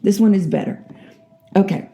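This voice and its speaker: Gravelly older woman telling jokes. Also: medium pitch, moderate pace. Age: 60s. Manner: chatty, rambling, animated storyteller. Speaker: vlogger. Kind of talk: casual joke telling.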